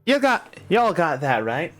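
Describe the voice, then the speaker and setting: A man's voice: fairly high pitch, sing-song, measured pace, fairly bright tone, faint music behind, pitched above the performer's own voice. A man voicing a brash female orc barbarian with a put-on Southern US accent. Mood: boisterous.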